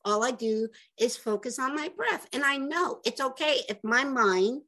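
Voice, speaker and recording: A woman hosting a radio talk show, speaking in a gentle, encouraging way in a conversational interview. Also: high-pitched, lively intonation, normal speed.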